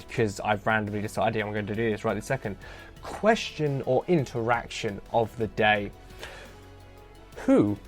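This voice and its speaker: Man, solo podcast host, rambling, animated, self-correcting, casual swearing, mid pitch, faint background music. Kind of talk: solo podcast episode commentary.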